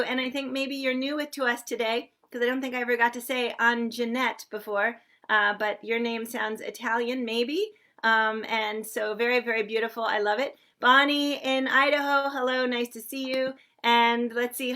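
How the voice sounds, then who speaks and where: Female sing-along host, high and bright-toned, effusive livestream greeter. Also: flat delivery, normal speed, few pauses. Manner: effusive and chatty. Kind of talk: livestream welcome, greeting viewers by name. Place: indoors in a shared room with other singers.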